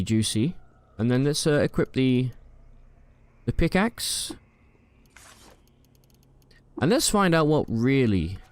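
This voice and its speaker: Speaking in a fairly low voice over a bit of hiss or hum, this young gaming YouTuber narrates his play in a loose, playful way. He cracks jokes and mocks the foes he's fighting.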